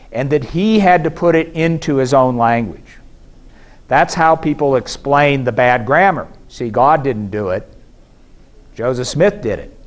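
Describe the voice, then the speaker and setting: A man giving a measured, explanatory academic lecture at a conference, pausing now and then with fillers and restarts. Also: on the high side. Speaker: scholar giving a conference presentation. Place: conference hall.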